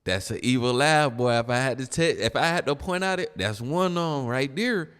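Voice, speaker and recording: A man's voice: medium pitch, expressive, moderate pace, a bit bright, clean tone, in a large hall. A man hosting a reaction video, giving blunt, mocking casual commentary on clips. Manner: blunt, mocking, keeps saying "bro".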